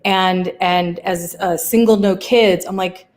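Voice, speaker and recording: A woman author being interviewed over a video call, telling stories about her school days with quick laughs and self-deprecating asides. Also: on the low side, fairly even intonation, a little mellow. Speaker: guest author. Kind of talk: casual video chat interview.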